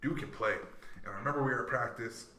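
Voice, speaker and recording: This man co-hosts a podcast and talks fast in a mid-range voice during a casual chat. The room echoes as he tells stories in an animated way, performing quotes and laughing a lot.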